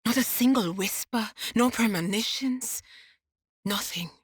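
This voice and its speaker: A woman's voice: a little high, measured pace, breathy edge, no room sound, studio quality. An actress playing a nervous female psyker who hears whispering voices, wry and laughing to herself. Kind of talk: video game voice acting.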